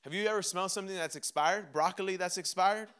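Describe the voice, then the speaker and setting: A young man preaching a sermon, animated and humorous, acting out little dialogues with himself and God. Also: high voice, fast, clean tone. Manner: mixes laughter and humor into preaching. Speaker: pastor.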